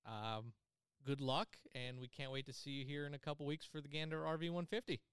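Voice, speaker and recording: A man's voice: on the high side, flat delivery, fairly quick, fairly bright tone, clear, resonant tone, no room sound. A man hosts a podcast in a loose, chatty way. He restarts sentences and laughs easily. His voice sounds dry and close to the mic. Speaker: podcast host. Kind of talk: casual chat.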